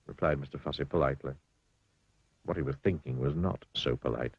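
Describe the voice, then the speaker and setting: A man reading a children's storybook aloud in an expressive, playful way, sometimes speaking to the listener. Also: extremely low pitch, fairly quick, breathy edge, dry recording, highs cut off.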